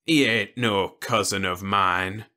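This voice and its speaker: A man voicing a gruff, hostile frontier man with a deep, grating rasp and a slow, menacing drawl. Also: pushed and bright. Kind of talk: audiobook character voice.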